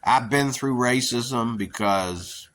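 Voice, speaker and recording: A man's voice: mid-range voice, takes it slowly, a bit bright. A man hosting a rambling opinion show, talking emphatically and preachily and often repeating himself. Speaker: podcast host.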